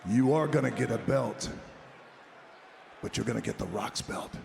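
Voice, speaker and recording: A man cutting a menacing wrestling promo, taunting an opponent and speaking of himself in the third person, swinging from low growls to shouts. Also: normal speed, vocal fry. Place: large arena. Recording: roomy arena sound, faint crowd noise.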